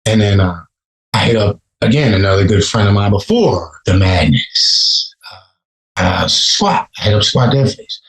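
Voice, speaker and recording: A man's voice: on the low side, expressive, a little slow, a bit bright, echoey room, low-quality recording. A man from Chicago, a rapper, telling stories in a casual, profane podcast interview. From Chicago, USA. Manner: laid-back, profane, storytelling. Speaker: rapper guest.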